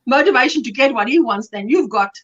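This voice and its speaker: A woman's voice: a little high, fast, highs cut off. A middle-aged woman with a South African accent, hosting a casual livestream chat and telling stories with frequent laughs. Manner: animated storytelling, laughs often. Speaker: livestream host.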